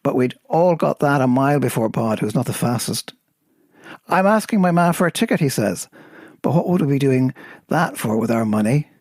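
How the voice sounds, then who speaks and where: A man with an Irish accent, a host, reading a poem aloud in a lively storytelling way. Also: mid-range voice, normal speed, no room sound, studio quality. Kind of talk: poetry reading.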